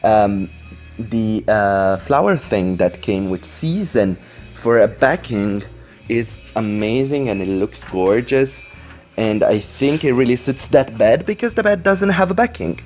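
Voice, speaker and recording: Unhurried, with lively intonation, a man speaks in a lowish, slightly mellow voice over faint music. English is his second language, and he offers rambling Sims speedbuild commentary from home with his computer on his lap, full of fillers and apologies.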